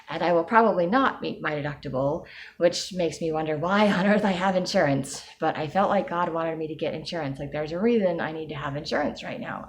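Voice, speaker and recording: A woman talking in a personal video diary, emotional and close to tears, pausing often with fillers. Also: sits low, slight background noise. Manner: emotional, near tears, with many pauses and fillers. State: teary. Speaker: vlogger. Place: at home.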